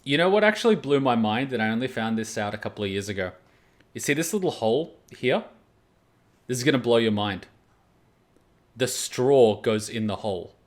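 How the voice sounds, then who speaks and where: A man from Australia, hosting an anime reaction video and chatting casually with jokey, animated storytelling. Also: medium pitch, normal speed, long pauses. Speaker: anime reaction channel host.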